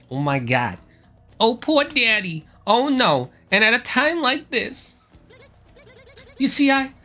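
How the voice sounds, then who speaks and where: A man's voice: medium pitch, pushed and bright, full character voice. A man voicing a clingy, melodramatic lovestruck woman with a Southern belle drawl, gushing and demanding.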